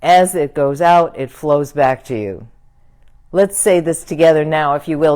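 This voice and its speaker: Slow, low-voiced woman minister in prayer. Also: a little mellow. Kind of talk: church service closing and prayer.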